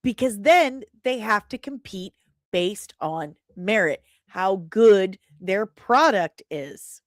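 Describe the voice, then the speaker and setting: A woman hosting an opinionated commentary show, sarcastic and quick to laugh. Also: medium pitch, expressive, no echo, clean studio sound. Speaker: host. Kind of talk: casual commentary.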